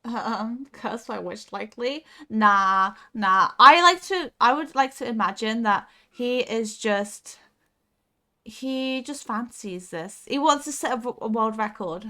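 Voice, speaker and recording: A woman's voice: fairly high pitch, takes it slowly, bright, forceful tone. A young woman streaming a game live, coaching herself through tense moves and chatting back to her viewers. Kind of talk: casual live gaming stream.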